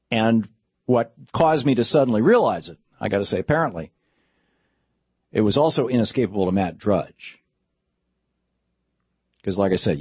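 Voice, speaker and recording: A man's voice: low-pitched, breathy edge, no room sound. A man delivering a political commentary monologue, impassioned and with sarcastic asides. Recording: dull lo-fi dry recording.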